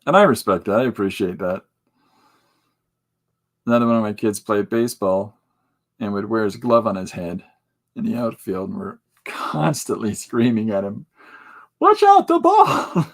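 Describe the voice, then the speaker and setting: A man's voice: on the low side, steady tone, normal speed, gravelly, pauses often. A middle-aged man hosting a podcast in casual chat, rambling with many fillers and chuckling as he talks. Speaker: podcast host.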